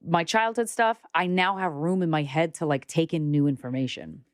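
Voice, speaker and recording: Young woman guest, lowish voice, animated and swears a lot, dry close mic. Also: moderate pace, no room sound. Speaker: podcast guest. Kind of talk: casual conversation.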